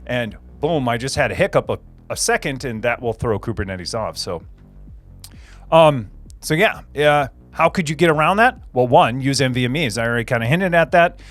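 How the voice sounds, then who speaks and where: A man's voice: mid-range voice, animated, normal speed, a bit bright, faint music behind. A man hosting a casual livestream, chatting with viewers and rambling through answers with many fillers and repeated phrases. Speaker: livestream host.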